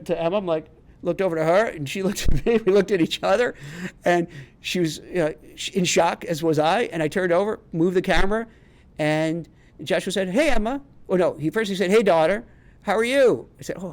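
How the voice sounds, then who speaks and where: A middle-aged man from New York with a New York accent, talking in a rambling, chatty way with many restarts in a casual homemade vlog. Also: high-pitched. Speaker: career advice vlogger and recruiter.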